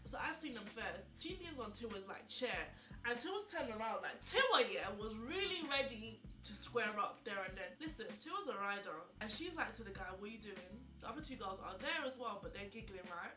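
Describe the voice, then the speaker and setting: Young woman vlogger, higher bright voice, chatty storyteller, echoey room with faint music. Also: moderate pace. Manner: animated, incredulous, lots of "like" and repeated questions. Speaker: beauty vlogger. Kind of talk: chatty get-ready-with-me storytelling.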